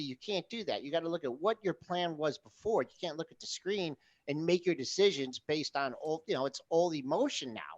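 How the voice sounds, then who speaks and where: A man's voice: a little high, highs cut off. A middle-aged man co-hosting a live trading talk show, giving emphatic, practical advice. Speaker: co-host.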